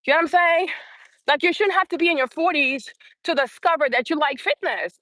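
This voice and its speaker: A woman in her forties speaks a little fast in a high voice, talking directly to her phone on a casual live stream. She's animated and blunt, saying her points twice to hammer them home, and the recording is close and dry with no room around it.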